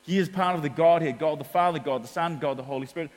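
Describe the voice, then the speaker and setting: A man with a New Zealand accent preaching a sermon as pastor, animated in his storytelling. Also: a little high, fast talker, in a large hall. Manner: animated storytelling, acts out quotes.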